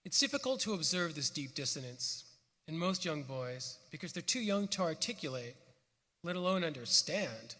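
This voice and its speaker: Man, conference speaker, measured and earnest, slightly high voice; hall reverb. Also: very animated, pushed and bright. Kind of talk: prepared lecture.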